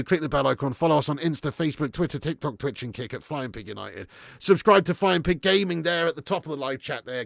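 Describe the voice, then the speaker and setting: A man hosting a live stream, signing off with rapid viewer shout-outs, sweary and exasperated. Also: fairly high pitch, vocal fry, no echo, clean studio sound. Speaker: host. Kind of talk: live stream sign-off chat.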